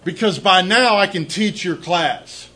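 A man's voice: high voice, measured pace, sharp tone, slight background noise, poor audio. A middle-aged man telling his own recovery story to an audience, candid and self-deprecating, often repeating words as he starts a thought. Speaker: speaker sharing a recovery story. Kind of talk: personal testimony talk to an audience.

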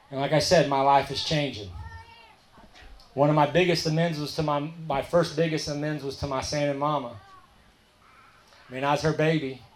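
A middle-aged man, sharing his recovery story at a meeting and telling it as a story, dropping his voice low and soft when he quotes others. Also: echoey room. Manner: storytelling, quoting others in a softer, lower voice.

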